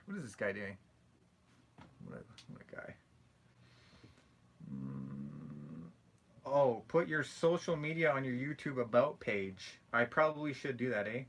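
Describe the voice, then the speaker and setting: A young man with a Canadian accent, hosting a casual livestream and chatting, joking and reading comments aloud. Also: medium pitch. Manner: chatty, joking, animated when telling stories. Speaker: livestream host.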